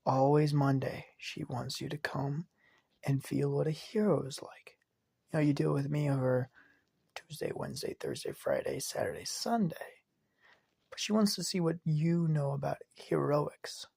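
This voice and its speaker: A man voicing a calm, weary male villain inventor with a low-key, sighing delivery. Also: moderate pace, vocal fry, slightly rough, heavily acted.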